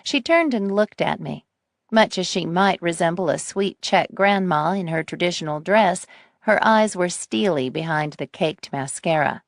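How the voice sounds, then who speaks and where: A woman narrating a mystery audiobook in a measured first-person style. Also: lowish voice, lively intonation, creaky, dry recording, studio quality.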